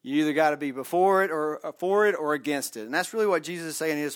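A man leads a Bible study, his voice a touch higher than most. He talks in a loose, conversational way, reading passages aloud and stopping to explain them in plain words. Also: quick pace, few pauses, smooth. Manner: conversational, reads scripture aloud with asides. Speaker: Bible class teacher.

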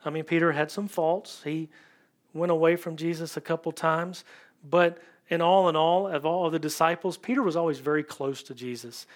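A man preaching a conversational sermon in church, searching for his words with frequent ums and pauses. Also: a little high, fairly even intonation. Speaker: pastor.

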